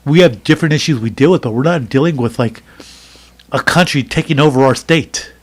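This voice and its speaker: A man's voice: mid-range voice, brisk. An American man co-hosting a podcast, talking casually and opinionatedly, with many fillers and restarts. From United States. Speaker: podcast co-host. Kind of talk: casual chat.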